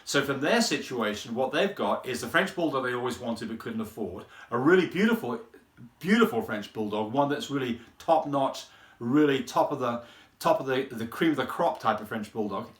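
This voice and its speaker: A man's voice: mid-range voice, expressive, normal speed. A man who breeds French Bulldogs, explaining things in a casual, rambling way and often repeating words as he thinks. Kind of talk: casual explanatory talk to camera. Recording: roomy echo.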